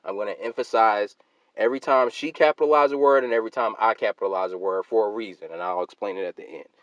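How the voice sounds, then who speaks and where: A man hosting his own channel, ranting and reading out a comment exchange, getting loud and emphatic on his own replies. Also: fairly low pitch, quick pace, no room sound, highs cut off. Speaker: channel host.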